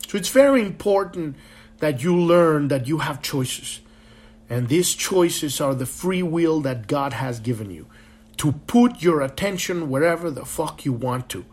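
A man hosts a spiritual podcast and speaks a little higher than most men. He talks in a long, rambling, impassioned monologue, swearing freely as he presses his points on the listener. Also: lively intonation, a little slow, a little mellow. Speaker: podcast host.

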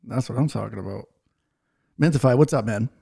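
Gravelly, mellow podcast host from New England. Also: male voice, medium pitch, a little fast. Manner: loose, joking, says "like" a lot. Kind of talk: casual podcast chat.

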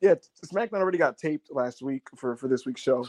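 A man's voice: mid-range voice, lively intonation, brisk, darkish tone. A man co-hosting a casual wrestling review show, rambling and joking. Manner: rambling, mocking impressions. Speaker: podcast co-host.

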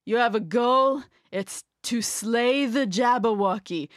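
A woman voicing a weary undead male escape-room game master in a slow, droning tabletop game voice. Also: fairly high pitch, no room sound, clean studio sound.

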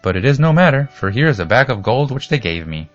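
A man's voice: medium pitch, big pitch swings, fast talker, dull audio, soft background music, voice pushed up, close to an everyday voice. A man voicing an earnest ten-year-old farm boy in a storybook reading, raising his voice somewhat. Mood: sleepy.

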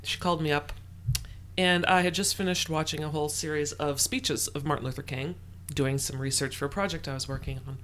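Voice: medium pitch, steady tone, brisk, a bit bright. An adult telling a personal story in a casual chat, acting out the quoted dialogue with lots of swearing.

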